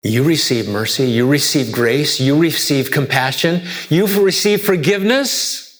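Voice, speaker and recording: A man delivers a sermon as pastor, his voice sitting a little high for a man. He preaches emphatically, stacking rhetorical questions and repeated phrases, and swings from loud peaks to hushed lows. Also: measured pace. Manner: emphatic, repetitive rhetorical questions with wide swings in pitch and loudness.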